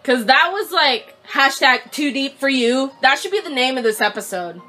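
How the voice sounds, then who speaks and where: A woman in her twenties chats through a video game with a bright, high voice. She is excitable and giggly, jumping between theories and jokes. Her tone stays light and quick to laugh. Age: 20s. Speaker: host. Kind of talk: casual let's play commentary.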